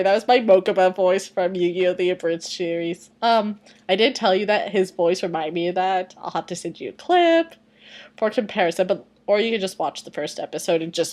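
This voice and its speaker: A woman's voice: lowish voice, a little mellow. A woman reading fan fiction aloud at her computer with rambling, self-deprecating asides and some mumbling, on a webcam mic. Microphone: computer webcam microphone.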